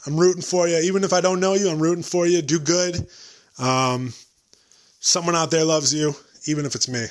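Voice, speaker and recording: Rambling young man hosting a solo podcast. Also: a little high. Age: 20s. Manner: rambling, self-deprecating, swears casually. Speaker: podcast host. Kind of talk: solo casual podcast chat.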